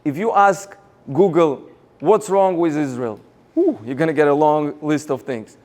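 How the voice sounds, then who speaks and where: A man giving a motivational seminar talk, energetic and rallying the audience with questions. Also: a little high, a little slow. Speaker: seminar speaker.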